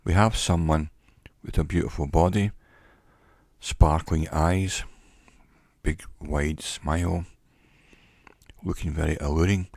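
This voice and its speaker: A man giving an educational talk in a measured, reflective way, pausing often between phrases. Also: extremely low pitch, fairly even intonation, creaky, darkish tone, dry recording, studio quality. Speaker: teacher. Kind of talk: educational monologue.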